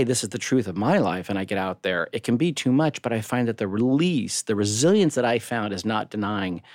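A man's voice: medium pitch, darkish tone, no echo. Give me a blunt middle-aged man in a dry recording, co-hosting a podcast with frank, emphatic talk. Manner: blunt, swears freely, emphatic. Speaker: podcast co-host. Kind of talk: candid personal talk.

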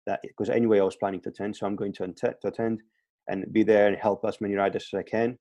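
Low, mellow man on a remote call. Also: little pitch movement, fast talker, no room sound. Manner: hesitant, many restarts and repeated words. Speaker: guest fitness coach. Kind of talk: casual podcast interview. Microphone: remote call, line breaking up.

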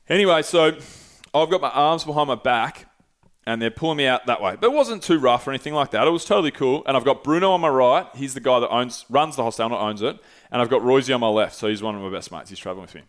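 Animated man telling a story. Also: medium pitch, clear, resonant tone. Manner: animated, swears freely, acts out quoted voices. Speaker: podcast host. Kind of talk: casual storytelling.

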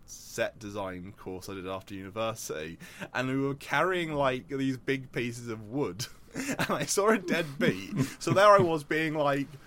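A young man co-hosting a podcast in relaxed, casual chat. He rambles from tangent to tangent, stacking up fillers and false starts as he tells his stories. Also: medium pitch, a little slow, slight background noise. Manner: rambling, tangent-prone, with many fillers and restarts. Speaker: podcast co-host.

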